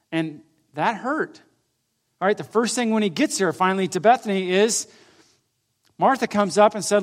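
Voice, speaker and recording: A middle-aged man preaching a sermon in a conversational way, swinging between loud emphatic lines and quiet soft ones. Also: high voice. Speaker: pastor.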